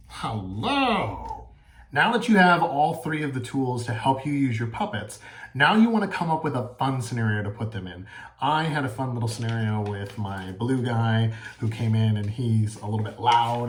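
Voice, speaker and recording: A male teacher giving a home lesson on making and performing puppets, with friendly step-by-step instructions. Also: mid-range voice. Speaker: elementary school teacher. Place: at home by a table.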